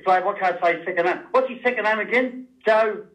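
A man's voice: high-pitched, fairly quick, fairly bright tone, reverberant, low-quality recording. A man co-hosting a podcast in casual chat, repeating himself and laughing as he talks. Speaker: podcast co-host.

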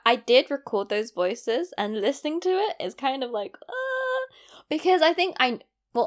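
A young woman who hopes to become a voice actor talks casually to the camera in a slightly high voice. She's chatty and self-deprecating, and she laughs often.

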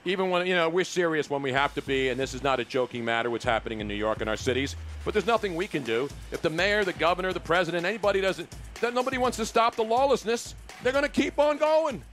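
A man's voice: high voice, expressive, fast talker, fairly bright tone, faint music behind. A man hosting a talk radio show, opinionated and wisecracking as he banters with a guest.

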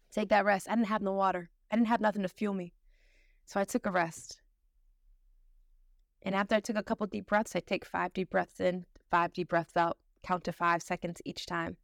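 A woman's voice: mid-range voice, vocal fry, no room sound. Encouraging sisterly woman podcaster, dry sound. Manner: sisterly, encouraging, slangy and emphatic. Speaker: podcast host. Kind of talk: motivational podcast monologue.

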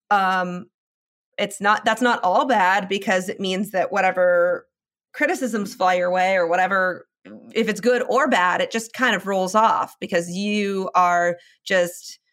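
A woman's voice: medium pitch, fairly bright tone. A woman hosting a casual podcast conversation, easygoing and supportive toward her guest. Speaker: podcast host.

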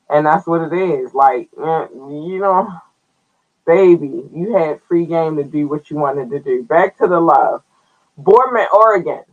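A man's voice: fairly high pitch, fairly bright tone, muffled recording. A man hosting his own podcast in a loose, playful way, with slangy asides as he reads out listener towns. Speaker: podcast host. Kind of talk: casual solo podcast chat.

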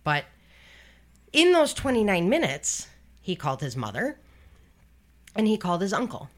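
A woman's voice: medium pitch, very animated, moderate pace. A woman hosting a true-crime podcast, talking through a case in casual, blunt chat and swearing freely. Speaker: podcast host.

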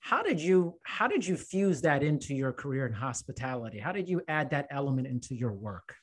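A man's voice: medium pitch, very animated, brisk. A man hosting a podcast who asks encouraging open questions. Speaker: podcast host. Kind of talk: casual interview chat.

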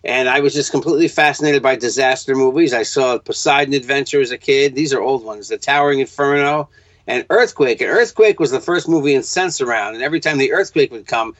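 A man's voice: mid-range voice, brisk, a bit bright, dry recording. A man from Long Island with a New York accent, chatting as a podcast guest in a rambling, restarting way. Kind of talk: casual podcast chat. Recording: dull lo-fi sound.

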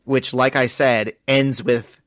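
A man's voice: mid-range voice, flat delivery, slow, fairly bright tone, no room sound, clean studio sound. A man co-hosting a podcast, casually recapping a comic issue and reading lines from it aloud. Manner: retells scenes, reading quoted lines aloud. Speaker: podcast co-host.

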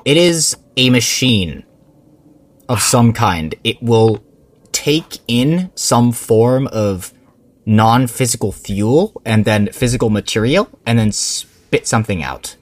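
A young man narrating as game master of a tabletop role-playing game, describing scenes in an animated way. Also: mid-range voice, takes it slowly, no room sound.

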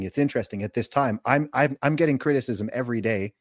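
A man in a casual podcast conversation. He has an ordinary middle pitch and an animated way of talking, restarting his sentences with repeated words. The mic sits close in a dry room. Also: quick pace, no echo. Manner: repeats words when starting a thought, animated. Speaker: podcast host.

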